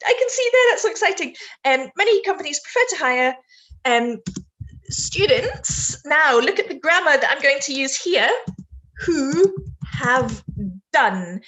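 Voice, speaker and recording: British female tutor, high-pitched and chatty, live online essay feedback. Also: a bit bright. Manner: chatty, laughs easily, reads chat aloud mid-sentence. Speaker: IELTS teacher.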